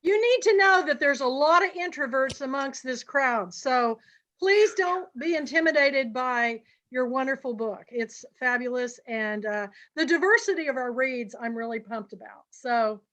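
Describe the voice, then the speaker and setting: High-pitched woman host, energetic and encouraging, on a video call. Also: moderate pace. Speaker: book club host. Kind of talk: hosting a virtual event.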